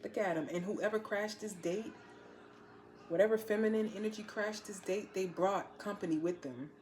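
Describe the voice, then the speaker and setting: A woman's voice: mid-range voice, a little mellow, a little hiss or hum. A woman giving a casual tarot reading to a viewer, blunt, slangy and teasing as she lays out the cards. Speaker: tarot reader.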